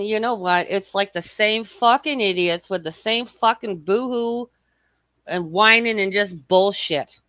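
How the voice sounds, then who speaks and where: A woman's voice: mid-range voice, bright, forceful tone, clean tone, dry recording. A woman hosting a casual livestream, reading out chat and swearing freely as she mocks her rivals, her throat a little scratchy. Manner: profane, mocking, rambling. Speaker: livestream host.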